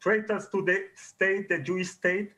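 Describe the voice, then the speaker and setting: A man's voice: high voice, steady tone, measured pace, bright, forceful tone, poor audio. A man, a rabbi appearing as a guest in a heated debate, speaking bluntly and repeating his condemnations. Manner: blunt, denouncing, repetitive.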